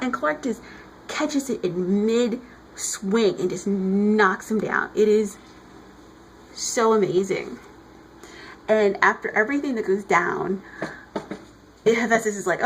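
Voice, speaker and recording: Excitable woman gushing over a comic. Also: on the high side, measured pace, a little hiss or hum, low-quality recording. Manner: excitable, gushing, restarts often. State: standing while filming. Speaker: comic book reviewer. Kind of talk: casual enthusiastic review.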